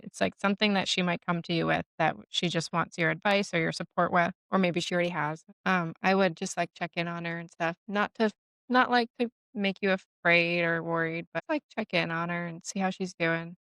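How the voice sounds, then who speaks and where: Gentle low-voiced woman, smooth and dry. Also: dry recording. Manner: halting, many fillers and restarts, gentle. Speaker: medium. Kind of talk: one-on-one reading, casual and hesitant.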